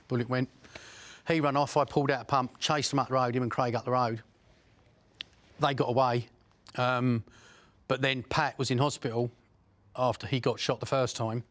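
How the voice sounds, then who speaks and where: A man's voice: medium pitch, dry recording. A middle-aged man with an Essex accent, bluntly recounting crime stories, swearing and restarting often. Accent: Essex English. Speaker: interviewee.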